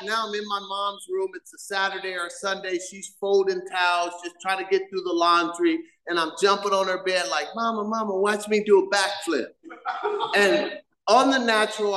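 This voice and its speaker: Middle-aged man telling his story at a meeting, lively and vivid, acts out the scenes, fairly high pitch, echoey room. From Southern California. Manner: animated storyteller, acts out scenes with sound effects. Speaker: main speaker at a recovery meeting. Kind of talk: personal storytelling share.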